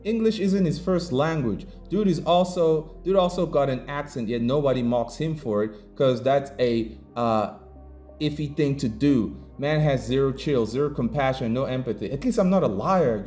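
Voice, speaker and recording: A man's voice: medium pitch, normal speed, a little mellow, faint music behind. A man delivering an angry, combative commentary rant, mocking and insulting his critics. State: pissed off. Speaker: independent comic creator and commentator.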